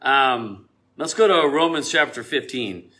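Guy preaching a laid-back sermon, bright voice, lots of you knows and laughs, loud on the verses. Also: mid-range voice, expressive, a little slow. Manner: conversational, chatty, rising to loud emphasis when quoting scripture; laughs often and uses many fillers and restarts. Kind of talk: informal sermon.

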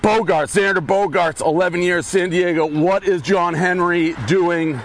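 A man's voice: sits high, fairly even intonation, measured pace, slight background noise. A man ranting bluntly and with lots of swearing while walking, out of breath. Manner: blunt, profane, fired-up. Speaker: commentator ranting in a video clip. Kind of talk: casual rant while walking. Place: outdoors on a street, walking.

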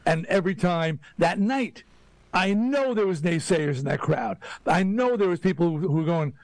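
A man's voice: sits high, expressive, moderate pace, darkish tone, no room sound. A man who plays in a rock band, talking in a boastful, fired-up, emphatic way in a casual podcast conversation.

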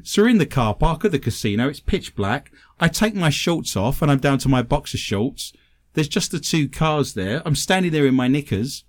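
Here a man with a British accent, pitched a bit high and speaking at normal speed, shares lively stories at his own expense. He's a paranormal investigator and medium on a talk show as a guest, chatting casually.

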